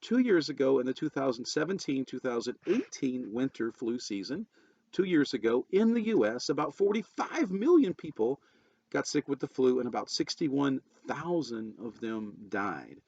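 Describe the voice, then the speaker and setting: A man's voice: medium pitch, sing-song, normal speed, a little mellow, dry recording. A man, a debate coach from the United States, talking casually to camera with many fillers and restarts and little laughs. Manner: chatty, lots of fillers and restarts, self-deprecating laughs. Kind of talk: casual educational talk to camera. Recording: dull lo-fi audio.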